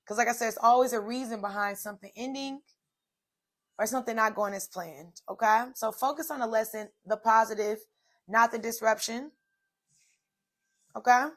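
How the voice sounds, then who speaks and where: A woman's voice: on the high side, fairly even intonation, normal speed, long pauses. A woman in her twenties hosting a solo podcast, telling a personal story in a chatty, casual way with many fillers. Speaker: podcast host.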